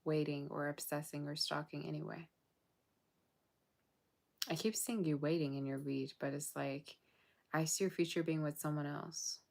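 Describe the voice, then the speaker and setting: Blunt woman with a low, gravelly voice. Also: steady tone, normal speed, long pauses, a little mellow. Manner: blunt, sassy, talks straight to viewers. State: tired and yawning late at night. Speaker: tarot reader. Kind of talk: casual tarot reading to camera.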